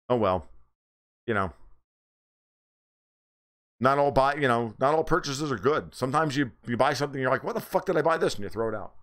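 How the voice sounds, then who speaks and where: Casting: male livestream host from the US, mid-pitched, blunt, sarcastic, swears freely. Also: a bit bright. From United States. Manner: mocks others in high squeaky voices. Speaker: livestream host reading chat. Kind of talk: casual political livestream commentary.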